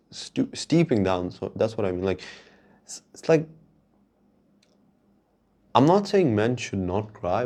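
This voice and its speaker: A man hosting a podcast, telling rambling casual stories full of swearing and restarts, and getting heated when he rants. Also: lowish voice. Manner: profane, rambling, with frequent restarts; gets loud and heated when ranting. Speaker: podcast host. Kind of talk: casual storytelling monologue.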